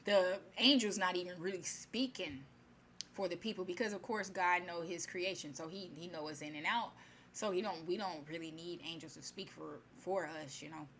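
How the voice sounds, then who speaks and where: Woman, casual storyteller, chatty asides, low pitched, bright tone. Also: moderate pace, a little hiss or hum. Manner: chatty, animated, with many fillers and asides. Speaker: storyteller retelling a fairy tale. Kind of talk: casual spoken retelling of a story.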